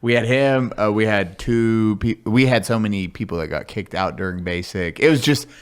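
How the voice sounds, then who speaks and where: A man who served in the army tells basic training stories in a casual, crude and animated way. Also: lowish voice, moderate pace, smooth. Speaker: army veteran telling stories. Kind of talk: casual podcast storytelling.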